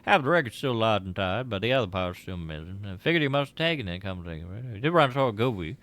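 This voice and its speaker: A man reading a game note aloud as a worried middle-aged male bar owner, with loud, excited delivery. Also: lowish voice, quick pace. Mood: agitated.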